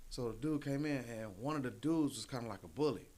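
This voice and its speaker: Male comedian guest, casual animated storyteller, does the voices of people in his stories. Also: mid-range voice, fast. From Detroit. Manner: animated, acts out quotes in raised voice.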